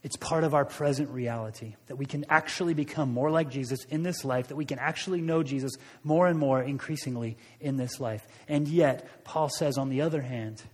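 A man's voice: mid-range voice, fairly quick, few pauses, darkish tone, breathy edge, long reverb tail. A man preaching a sermon, telling a story in a loose, conversational way with frequent restarts. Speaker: pastor.

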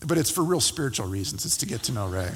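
A man preaching as a pastor, telling a personal story in a conversational, halting way with many fillers and restarts. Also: medium pitch, very animated, fairly bright tone, husky, long reverb tail. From California.

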